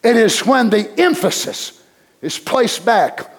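This pastor's voice sits unusually high as he preaches, slow yet animated. He hammers his sermon home with repeated phrases and sudden bursts of shouting.

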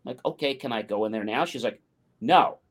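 A man's voice: medium pitch, fast. A man co-hosting a talk show, telling a long personal story and acting out the quotes. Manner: animated anecdote with acted-out quotes. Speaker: podcast co-host. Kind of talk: casual storytelling.

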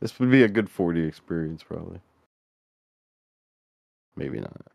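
Lively, low-voiced man in casual chat. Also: moderate pace, creaky, dry recording. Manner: loose, rambling, swears, trails off and restarts. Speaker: podcast co-host.

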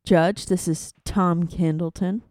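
A woman hosts an improvised comedy podcast, calmly steering the guests with questions. Her voice sits low for a woman and sounds close and dry. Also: takes it slowly, no room sound. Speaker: host.

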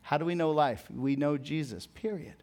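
A man's voice: fairly high pitch, moderate pace. Conversational young male pastor preaching. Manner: conversational, jokey storytelling with sudden soft drops. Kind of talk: sermon.

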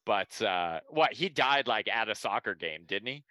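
A man's voice: on the low side, lively intonation, moderate pace, bright, forceful tone, no room sound. A man co-hosting a podcast, sarcastic and swearing in casual chat. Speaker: podcast co-host.

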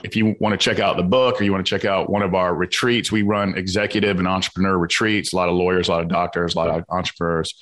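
A man's voice: deep voice, steady tone, quick pace, hardly any pauses, a bit bright. A man with a Southern accent, a guest author talking in an earnest, motivational way on a podcast. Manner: earnest, motivational, laughs easily. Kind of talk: casual podcast chat.

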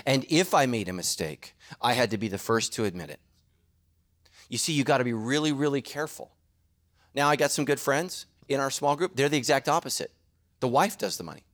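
Animated joking pastor, lively pitch. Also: male voice. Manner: animated, jokey preaching with quick asides. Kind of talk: sermon.

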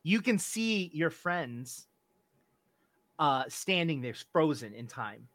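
A man narrating a tabletop game as game master, describing scenes deliberately. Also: a little high, sing-song, a bit bright, no echo. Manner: deliberate, descriptive, some restarts.

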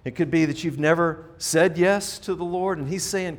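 A man's voice: a little high, normal speed, few pauses. A middle-aged man preaching a sermon in a church, earnest and conversational, often restarting his sentences as he speaks to the congregation. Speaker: pastor. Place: church sanctuary.

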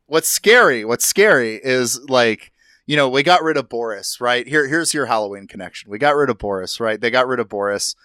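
Lively, smooth-voiced British man joking. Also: mid-range voice, dry recording. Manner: dry, jokey, quick asides. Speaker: podcast co-host. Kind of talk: casual chat.

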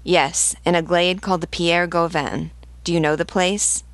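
A woman's voice: on the low side, little pitch movement, normal speed, dry recording, close to an everyday voice. A woman reading the lines of a stern aristocratic male rebel commander in a resolute, commanding way.

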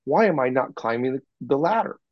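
A man working as a communication coach, telling animated stories about clients and acting out what they said in an interview. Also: medium pitch, fairly quick, dry recording, dull audio. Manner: animated anecdotes, acts out clients in quoted voices. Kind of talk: podcast interview, storytelling.

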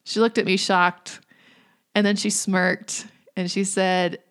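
A woman in her thirties giving a reflective devotional talk in a gentle, earnest way, sometimes dropping to a hush. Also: mid-range voice, little pitch movement, slow, clean tone. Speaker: faith speaker.

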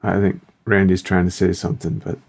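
Deep-voiced man asking halting questions. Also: monotone, gravelly, darkish tone. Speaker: co-host. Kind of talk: casual interview questions.

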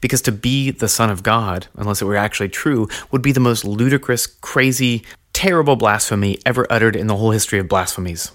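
A man with a somewhat low voice hosts a scripted teaching podcast. His delivery is measured and earnest, and he slows down to stress the phrases that matter. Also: fairly bright tone. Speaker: podcast host teaching on early Christianity.

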